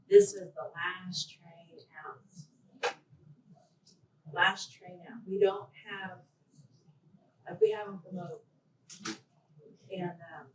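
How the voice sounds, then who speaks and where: A woman presenting at a conference, telling stories in a chatty, animated way. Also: fairly low pitch, slight background noise. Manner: chatty, storytelling, animated quotes. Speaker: conference presenter and language teacher. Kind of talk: casual presentation talk. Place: conference hall. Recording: echoey hall, distant from the mic.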